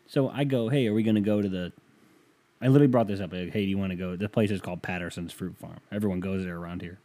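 A man's voice: on the low side, fast talker, warm tone. A man hosting a casual solo podcast, rambling and swearing freely while reading listener emails, from the United States. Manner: profane, rambling, sarcastic. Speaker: podcast host.

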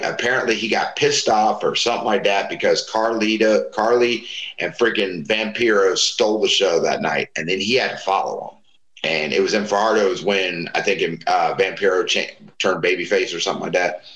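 A man's voice: fairly low pitch, muffled recording. A middle-aged man telling stories in casual talk, acting out the voices of the people he quotes. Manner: animated, acts out quoted voices. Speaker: guest. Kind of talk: casual storytelling. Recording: roomy echo.

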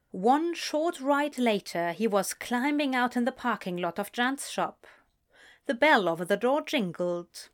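A woman reading a story aloud as narrator, expressive and unhurried. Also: on the high side. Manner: slow, expressive storytelling with lively inflection. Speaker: reader.

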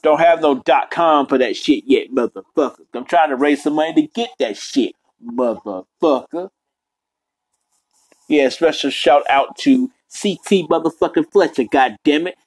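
A young man hosts a solo podcast from his apartment, rambling bluntly and swearing constantly in a casual rant. His voice is a little high and moderately paced, and the rough recording has no echo.

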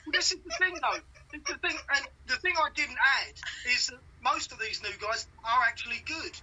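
A man's voice: very high-pitched, expressive, brisk, sharp tone, breathy edge, poor audio. A middle-aged man from London with a Cockney accent, a comedian chatting as a guest and laughing at his own stories. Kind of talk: casual chat.

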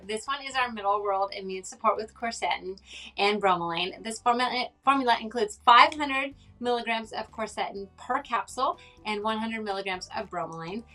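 A woman's voice: medium pitch, fairly bright tone, recorded from a distance. A woman hosting a live show, chatting upbeat and reading out product details and a promotion.

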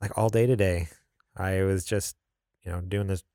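A man with a lowish voice hosts a gaming podcast in a relaxed, easygoing way and laughs often. The sound is dry and close to the mic. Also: normal speed, no echo. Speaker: podcast host. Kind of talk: casual chat. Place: podcast studio.

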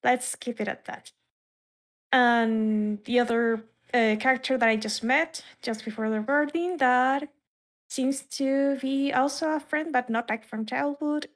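A woman's voice: sits high, a little slow. A woman hosting a podcast in casual chat, rambling along with frequent fillers and laughs. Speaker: podcast host.

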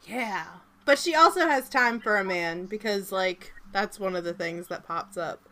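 A woman with a light Southern accent co-hosting a casual podcast, recapping a movie in an animated way and swearing often. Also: medium pitch, normal speed. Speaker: podcast co-host.

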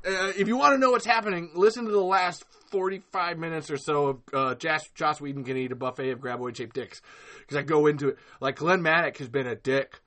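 Furious high-voiced man ranting profanely. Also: a little fast, bright, forceful tone. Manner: furious, profane, repeating curses, trailing off. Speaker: podcast host. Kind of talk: angry live-stream rant.

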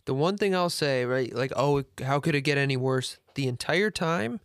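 A man's voice: mid-range voice, lively intonation, moderate pace, no echo, clean studio sound. Exasperated man rambling about a movie. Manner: rambling, exasperated, many restarts. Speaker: podcast co-host. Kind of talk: casual movie review chat.

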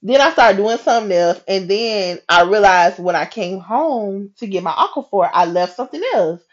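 Woman host, conversational devotional storyteller, lively and chatty, mid-range voice, slightly muffled recording. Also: mid-range voice, normal speed. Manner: animated and chatty, slips into quoted voices, laughs. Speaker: podcast host. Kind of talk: casual faith storytelling monologue.

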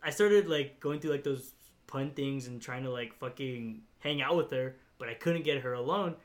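A man's voice: mid-range voice, normal speed. A young man telling a long, rambling story in casual chat, swearing freely and padding with fillers like "like" and "you know". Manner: rambling, profane, lots of fillers and laughs. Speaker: podcast storyteller.

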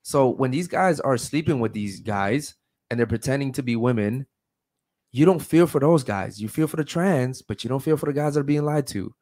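A man hosting a podcast in a blunt, combative way. He swears often and presses his guests with pointed questions. His voice sits at an ordinary pitch for a man. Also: lively intonation, normal speed, a little mellow. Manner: blunt, confrontational, profane. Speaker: podcast host. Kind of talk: heated podcast debate.

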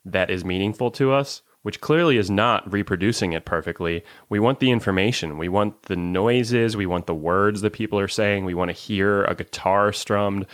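A man with a very deep voice chats eagerly about tech, agreeing and adding quick asides. His voice sounds close and dry. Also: dry recording. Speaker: podcast co-host. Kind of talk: casual tech chat.

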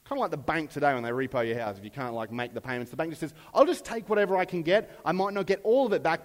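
A man preaching a sermon in a relaxed, conversational way, briefly acting out the lines of the people in the story. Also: on the high side, in a large hall. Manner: conversational, acts out characters' lines. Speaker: pastor.

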